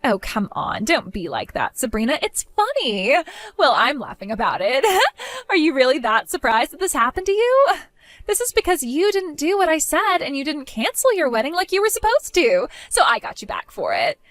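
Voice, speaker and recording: A woman's voice: high voice, wildly swooping pitch, normal speed, a bit bright, no room sound, heavily acted. A woman voicing a spiteful, childish young woman in an amateur voice drama, with a mocking, whiny way of talking.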